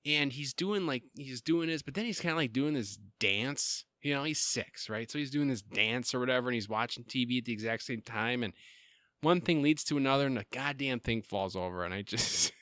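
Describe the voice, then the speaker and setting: A man's voice: medium pitch, expressive, a little fast, bright, forceful tone, no echo. A man, hosting a podcast in a casual, rambling way, full of fillers and restarts. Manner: rambling, lots of fillers and restarts, laughs often. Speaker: podcast host.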